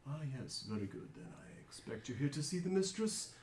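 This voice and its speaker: A man voicing an older human servant, formal and courteous, speaking slowly. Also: fairly high pitch, sing-song, a little mellow, a little hiss or hum, pitched above the performer's own voice.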